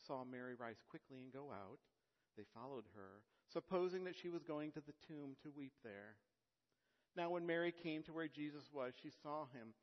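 Man preaching in a reverberant church. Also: fairly high pitch. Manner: reads with emphatic slowing, then halting and hesitant. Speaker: lay preacher. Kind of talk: scripture reading then sermon. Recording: dull sound with long hall reverb.

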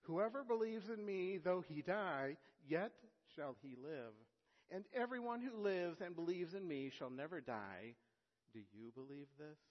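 A man reading scripture aloud with slow emphasis, then preaching haltingly with many pauses and fillers. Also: a little high. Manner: reads with emphatic slowing, then halting and hesitant. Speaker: lay preacher. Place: church. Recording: dull sound with long hall reverb.

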